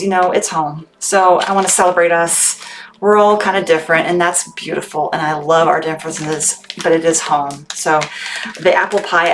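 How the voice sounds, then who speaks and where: A lowish-voiced woman from Texas, an adult military veteran, chats brightly through a live-stream candy sale, naming viewers as she thanks them. There's slight background noise.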